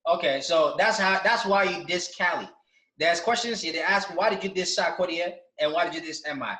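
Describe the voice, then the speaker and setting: A man hosting an interview, talking in an animated way with lots of profanity. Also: high voice, a little fast, reverberant, poor audio. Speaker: interview host. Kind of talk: casual interview talk.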